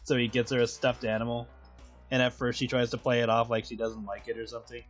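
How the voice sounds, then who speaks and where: A man's voice: medium pitch, little pitch movement, fast, soft background music. A man chatting casually while drawing on a stream, rambling, laughing often and swearing. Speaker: streaming artist.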